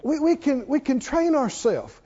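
A very high-pitched, mellow male voice preaches at normal speed with a great deal of animation. The sermon, recorded in a dull lo-fi church setting, is call-and-response, with frequent questions to the congregation.

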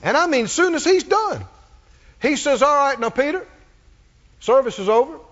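A man's voice: very high voice, very animated, normal speed, fairly bright tone. A man preaching a sermon, repeating phrases and calling for responses from the congregation. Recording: dull audio in a reverberant hall.

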